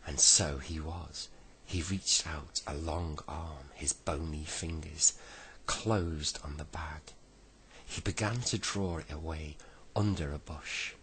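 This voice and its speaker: Slow, deep-voiced man reading bedtime stories. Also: fairly even intonation, a little hiss or hum, poor audio. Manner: gentle reading with self-corrections. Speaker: storyteller.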